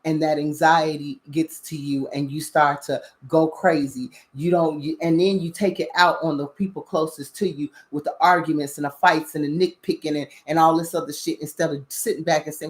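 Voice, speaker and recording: Host, woman, lowish voice, blunt and profane spiritual commentary, keeps asking "you understand?". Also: steady tone, a little fast, hardly any pauses. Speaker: spiritual talk show host.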